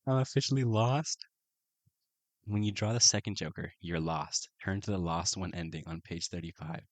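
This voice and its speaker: A man playing a solo folk-horror tabletop game, reading the prompts aloud and reacting with excited exclamations. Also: low-pitched, a little fast, dry recording. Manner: excitable, keeps saying oh my goodness. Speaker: solo tabletop RPG player.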